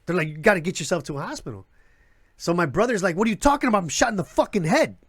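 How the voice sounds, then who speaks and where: A man's voice: high-pitched, racing, husky, dry recording, studio quality. A man from the south side of Chicago, a comedian telling wild stories in casual, profane chat and acting out the voices of the people in them. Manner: animated, acts out quoted voices, laughs through stories. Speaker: guest comedian. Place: live show venue.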